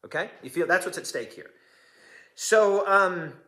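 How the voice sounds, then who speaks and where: A man's voice: sits high, animated, measured pace, pushed and bright. A man in his forties preaching a sermon as pastor, impassioned and emphatic, repeating phrases for effect.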